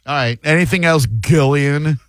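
Male talk-radio host, teasing and quick with comebacks, close dry studio mic. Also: fairly high pitch, no echo. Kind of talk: call-in radio banter.

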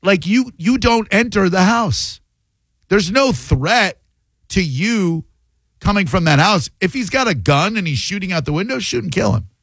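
A man's voice: high-pitched, no echo, rough recording. A man hosting a call-in radio talk show, taking callers and arguing his points emphatically. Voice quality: animated, emphatic, quick banter.

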